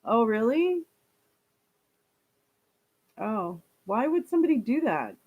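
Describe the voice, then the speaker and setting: Woman, live chat host, fairly high voice, unhurried, laughs a lot. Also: very animated, slightly rough, phone-quality sound. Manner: chatty, laughs often, talks straight to viewers. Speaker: livestream host reading viewer comments.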